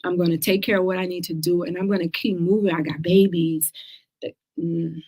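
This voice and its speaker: An American woman with a lowish voice hosts a talk show for cancer survivors, speaking at a moderate pace. She's lively and direct, addressing her viewers casually as "girl" and "y'all."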